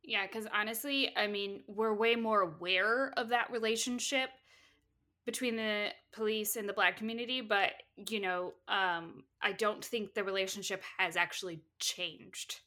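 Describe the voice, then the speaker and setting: A woman co-hosting a podcast in casual chat, giggly and animated when excited. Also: medium pitch, a little slow. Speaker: podcast co-host.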